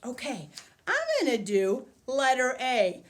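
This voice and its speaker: A woman's voice: sits high, unhurried. A woman teaching a preschool class by video, cheerfully leading exercises and counting aloud with the children. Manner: cheerful sing-song, counting aloud with kids. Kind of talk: animated online lesson for small children.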